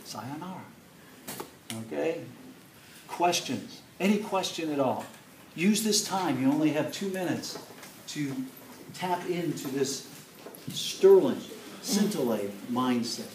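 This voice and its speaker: A man from Chicago telling an animated story and coaxing a live class to join in as a motivational speaker. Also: on the high side, measured pace, a little hiss or hum. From Chicago, USA. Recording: roomy sound from a distant mic.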